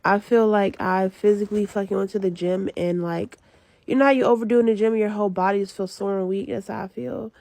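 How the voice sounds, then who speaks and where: A worn-out young woman vents from her bed, her voice gravelly and rough at the edges. She swears freely as she pours out how drained she is, close to a phone mic in a dry room with no echo. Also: medium pitch, fairly even intonation, quick pace, darkish tone. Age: young adult. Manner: exhausted, venting, swearing often. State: very tired. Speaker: student with a retail job. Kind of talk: casual vlog confession. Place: lying in bed.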